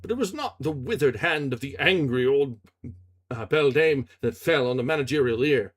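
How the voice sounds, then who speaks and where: A man's voice: mid-range voice, lively intonation, moderate pace. A man streaming a live reading of a classic novel, narrating expressively with small restarts. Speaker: reader and streamer.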